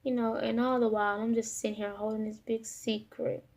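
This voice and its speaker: A woman with a somewhat high voice and a lot of gravelly fry tells a personal story straight to camera. She talks haltingly, filling pauses and restarting her sentences. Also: little pitch movement, darkish tone. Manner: halting, with frequent fillers and restarts. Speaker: vlogger.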